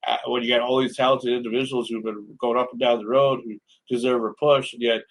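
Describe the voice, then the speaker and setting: A man's voice: medium pitch, little pitch movement, fairly quick, rough recording. A man hosting a casual radio interview, chatty and loose, full of fillers. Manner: chatty, lots of fillers, laughs along. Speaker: radio show host.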